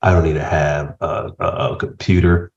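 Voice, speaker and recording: A middle-aged man chatting casually as a podcast guest, telling stories with laughter and lively voice swings. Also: very deep voice, moderate pace. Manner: animated storyteller, laughs while telling stories. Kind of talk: casual chat. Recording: dull lo-fi sound.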